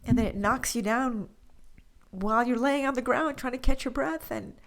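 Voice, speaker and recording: A woman co-hosting a podcast in casual chat, speaking emotionally, often dropping to a breathy whisper and halting on restarts. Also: fairly high pitch. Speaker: podcast co-host.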